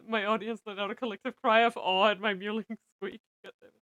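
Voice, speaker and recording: A young woman streaming, reading a visual novel aloud with expressive narration. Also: mid-range voice, fairly quick, no room sound, low-quality recording. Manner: expressive narration, breaks into laughter.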